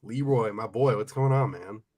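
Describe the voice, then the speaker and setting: A man's voice: lowish voice, normal speed, darkish tone. A man co-hosting a reselling livestream, energetically greeting viewers in casual chat.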